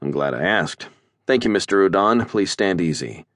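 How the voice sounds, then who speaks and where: A man's voice: deep voice, lively intonation, normal speed, a bit bright, dry recording. A man voicing a seasoned male starship captain who speaks with dry, wry understatement.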